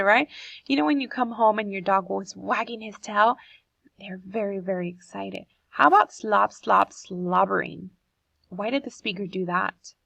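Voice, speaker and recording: A woman's voice: medium pitch, vocal fry, a bit bright, no echo, low-quality recording. A woman teacher reading a poem aloud to children and explaining it, asking the class questions as she goes.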